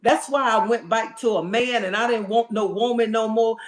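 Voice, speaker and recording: A man's voice: sits high, fairly even intonation, normal speed. A man ranting on a livestream to viewers, sassy and emphatic, calling them "honey" and asking "okay?". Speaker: livestream host. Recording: roomy echo.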